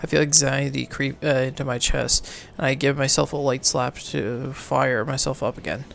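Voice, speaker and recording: A man reading a game's story aloud for a let's play, halting and correcting himself, then signing off casually. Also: mid-range voice, steady tone, gravelly, fairly bright tone, a little hiss or hum. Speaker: let's player, reading game text. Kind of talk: reading game narration aloud, casual outro.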